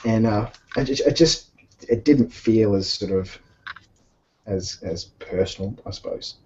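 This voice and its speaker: A man's voice: on the low side, measured pace, darkish tone, a little hiss or hum. A man chatting casually about games while painting miniatures, rambling with many restarts and fillers. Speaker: podcast co-host. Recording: dull lo-fi sound.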